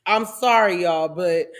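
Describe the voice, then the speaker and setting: Animated woman host preaching commentary. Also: fairly low pitch. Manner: animated, preachy, laughing asides. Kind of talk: casual commentary monologue.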